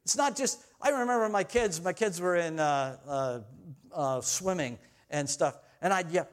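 A middle-aged man preaching a sermon, telling family stories in a conversational way, rising to loud exhortation and falling to soft, tender asides. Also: sits high, sing-song, moderate pace. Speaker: pastor.

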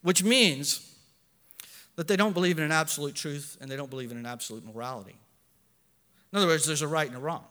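Male preacher, high bright voice, earnest and emphatic, long church reverb. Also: fast talker, pauses often. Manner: earnest, swings between soft asides and loud emphatic lines; self-correcting, with fillers. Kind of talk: sermon.

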